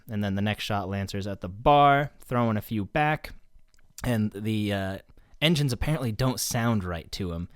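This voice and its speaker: A man's voice: fairly low pitch, normal speed, dry recording, clean studio sound. A male podcast host recapping an episode in casual chat, swearing, laughing often and acting out the characters' lines.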